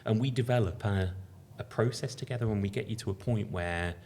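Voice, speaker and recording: A low, gravelly-voiced man from England with a Birmingham accent, a founder chatting casually on a podcast. He talks in a relaxed way, thinking aloud with plenty of fillers and restarts. Faint room ambience sits behind him. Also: fairly quick, slight background noise. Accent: Birmingham English. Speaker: company founder being interviewed.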